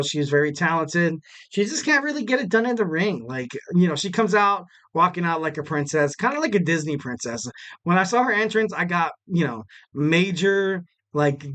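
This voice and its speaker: Young male podcast host, casual solo recap, slightly high and smooth voice, loose and rambling with playful asides. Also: fairly bright tone. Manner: loose and rambling, many fillers, jokey asides with laughs.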